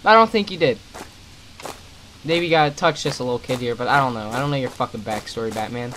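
A man's voice: medium pitch, quick pace, a bit bright, slight background noise, rough recording. Sweary, irritated young man gaming. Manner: swearing, irritated, sarcastic asides. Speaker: gaming commentator. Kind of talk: let's play commentary.

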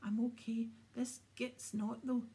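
A woman voicing a frightened teenage boy wizard, hoarse, shaky and urgent, in a storybook reading. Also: a little high, level tone, takes it slowly, mellow, full character voice. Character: scared, loyal teenage boy wizard, Ron.

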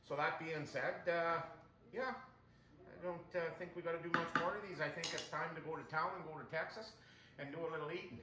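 Guy hosting a home cooking vlog, talky and folksy, echoey kitchen, frying pan sizzling loud. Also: on the high side, fairly even intonation, a little fast, very noisy. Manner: chatty, keeps addressing viewers as "you guys". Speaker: cooking show host. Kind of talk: casual cooking demonstration.

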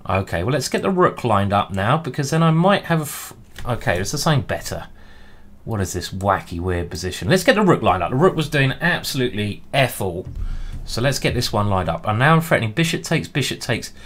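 A man's voice: mid-range voice, fairly quick. Guy streaming speed chess, talking to himself, voice bouncing all over, jokey. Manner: animated, self-mocking running commentary. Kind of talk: thinking aloud while playing speed chess.

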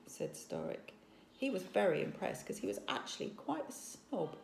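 A woman teacher reading a story aloud to children, animated, and stopping to ask questions. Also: mid-range voice, moderate pace, creaky. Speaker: primary school teacher. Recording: echoey room.

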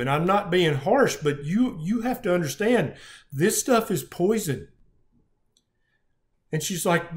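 In conversation as a guest, a middle-aged doctor with a fairly high speaking voice recounts a patient's story. He's earnest and emotional, often starting his sentences over.

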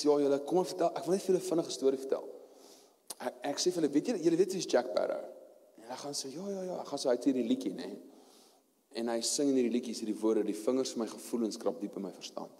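A man with a South African accent preaching a sermon and telling his story, going from hushed tones to loud preaching. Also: mid-range voice, fast talker. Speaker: pastor. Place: church hall. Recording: long hall reverb.

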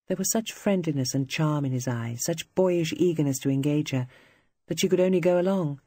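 An audiobook narrator reading literary fiction in a measured, even storytelling manner. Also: medium pitch, dry recording, studio quality. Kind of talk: scripted narration.

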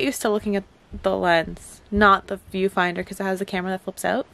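A young woman unboxing a new camera in a casual vlog, gushing with excited exclamations. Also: mid-range voice, moderate pace, vocal fry. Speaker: vlogger.

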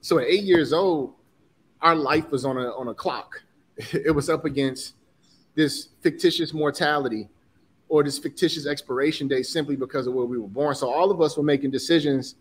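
On the high side and moving at a moderate pace, the voice is that of a Chicago guest in his forties who works as a designer and entrepreneur. Candidly, he tells personal stories with earnest emotion and casual slang.

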